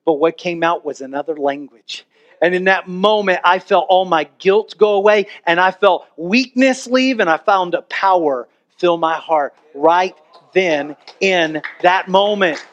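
A man, a pastor preaching a sermon and telling a story with animated emphasis. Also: high-pitched, unhurried, highs cut off.

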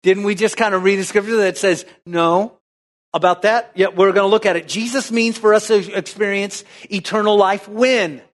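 A man with a high voice preaches a sermon in a church. He talks with energy and keeps asking the congregation questions. His delivery swings between playful asides and earnest points. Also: fairly even intonation, brisk, hardly any pauses. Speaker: pastor.

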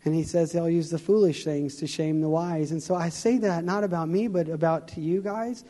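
A man's voice: fairly high pitch, steady tone, moderate pace, mellow, long reverb tail. A man giving a conversational sermon as a guest speaker in a church, telling stories earnestly.

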